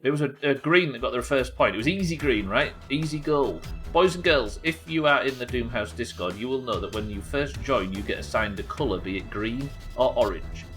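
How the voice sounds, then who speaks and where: Animated sweary streamer man. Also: medium pitch, brisk, hardly any pauses, faint music behind. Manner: sweary, exasperated banter with chat. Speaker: streamer host. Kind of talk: live game stream commentary.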